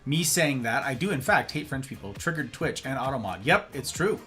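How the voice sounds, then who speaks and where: Brisk and mid-range, a man's voice carries a livestream where he chats playfully and casually with viewers. He's animated, reacts to chat, and faint music is audible.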